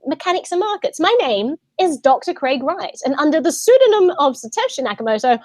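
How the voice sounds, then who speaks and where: A woman's voice: sits high, big pitch swings, a little fast, no echo, voice pushed up. A woman putting on a British accent to voice a pompous, self-important man reading a formal statement. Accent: put-on British.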